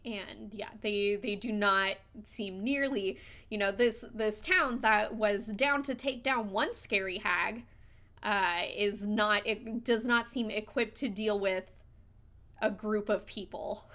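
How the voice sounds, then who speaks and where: A woman narrating a tabletop game as game master, halting with many fillers and restarts. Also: medium pitch, a bit bright.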